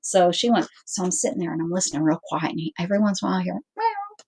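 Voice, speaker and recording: A woman's voice: on the low side, racing, slightly rough. A woman hosting her own channel, casually telling a story to her viewers, acting out what everyone said and restarting her sentences often. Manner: animated, acts out quoted dialogue; rambling with frequent restarts. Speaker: channel host.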